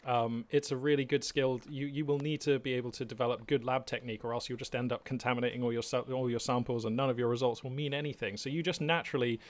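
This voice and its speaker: A man's voice: medium pitch, steady tone, fast talker, few pauses. A man chats to his channel from a small hobby room at home, recorded on a simple webcam setup. His voice sits in a mid register, and he talks in a loose, unscripted way, wandering through thoughts with plenty of ums, uhs and false starts. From England. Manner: rambling, many fillers and restarts, chatty. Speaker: gaming channel host. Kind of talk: casual unscripted monologue.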